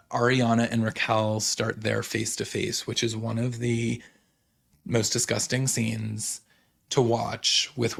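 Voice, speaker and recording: A man's voice: mid-range voice, creaky. A young man hosting a casual recap, gossiping about reality TV and paraphrasing what others said, with lots of "like" and "you know". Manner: gossipy, quotes others in quick paraphrase, many fillers. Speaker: podcast host recapping reality TV.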